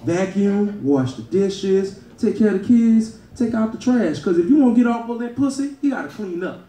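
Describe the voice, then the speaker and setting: Southern guy doing stand-up, kinda high voice, echoey club sound from far off. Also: expressive, normal speed. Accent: Southern American. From Louisiana. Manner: loud, crowd-working, laughing at own jokes. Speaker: stand-up comedian. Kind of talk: live stand-up comedy. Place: comedy club stage. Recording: echoey club room, heard from afar.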